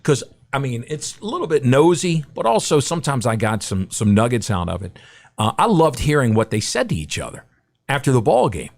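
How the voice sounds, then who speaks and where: A man's voice: medium pitch, sing-song, fairly quick, creaky. A middle-aged man, a guest broadcaster, telling anecdotes in a podcast interview and acting out the quotes.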